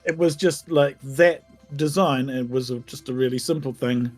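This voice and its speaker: A man answering questions about his game in an easygoing, thoughtful manner, often pausing to find his words. His voice sits in a middle pitch. Faint music plays in the background. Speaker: game developer, guest. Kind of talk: casual interview answers.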